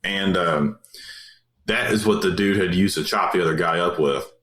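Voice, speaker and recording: A man's voice: sits low, normal speed, fairly bright tone. A man, a police officer, telling a story in a casual, rambling way with many fillers and restarts. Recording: roomy echo.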